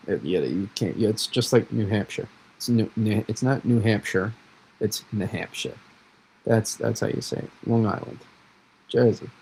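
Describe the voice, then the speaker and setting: A man's voice: fairly low pitch, creaky, a little mellow, husky, low-quality recording. A man from New England hosting a weather livestream, rambling and self-correcting in casual chat.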